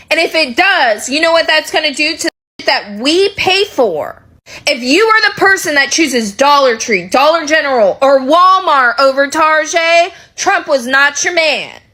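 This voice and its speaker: A woman's voice: sits high, big pitch swings, measured pace, pushed and bright. A woman ranting to camera in a heated, profane, sarcastic way about politics. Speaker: social media commentator.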